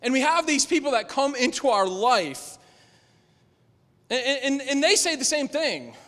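A man's voice: sing-song, measured pace. Preacher man in an echoey hall. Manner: swings from loud emphatic lines to low quiet asides. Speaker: pastor. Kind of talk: sermon. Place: large room with a congregation. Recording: echoey hall with long reverb.

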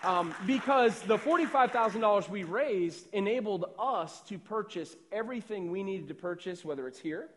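A man's voice: sits high, lively intonation, normal speed, hardly any pauses. A young adult man preaching a sermon as a pastor, in a conversational way that often checks in with "right?" and repeats words.

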